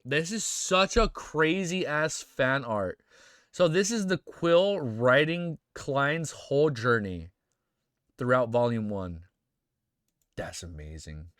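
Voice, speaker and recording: A young man streaming, reacting emotionally and excitedly to fan art in casual chat, swearing often and calling viewers dude and bro. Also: mid-range voice, slow pace, no room sound, studio quality.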